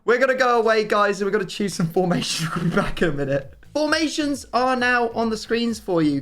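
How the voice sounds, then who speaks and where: A man's voice: high-pitched, animated, a little fast, hardly any pauses, fairly bright tone, slight background noise. A young man hosting a gaming video, chatting casually and bantering with a friend, often laughing at himself in mock exasperation. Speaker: gaming YouTuber host. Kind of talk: casual chat while gaming.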